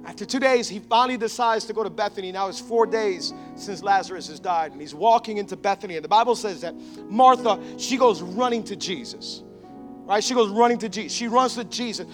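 A male pastor preaching an animated sermon in a church, acting out the characters he describes. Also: high voice, a little fast, soft background music. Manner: animated, acts out biblical characters.

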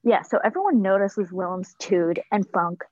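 A woman's voice: medium pitch, lively intonation, normal speed, a little mellow, highs cut off. A woman co-hosting a podcast, chatting casually and bluntly about a TV episode and swearing freely. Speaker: podcast co-host. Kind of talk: casual chat recapping a TV episode.

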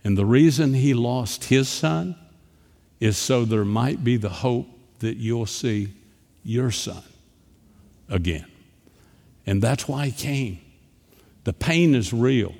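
A man preaching a sermon, telling a personal story and moving between quiet, hushed passages and emphatic ones. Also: medium pitch, slow pace, vocal fry, pauses often, big-room sound.

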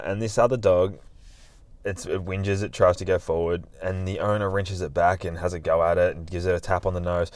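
In a dry recording, a man with a low voice hosts a podcast and tells a story in a chatty, laid-back way. He's a dog trainer, and this is a casual storytelling monologue.

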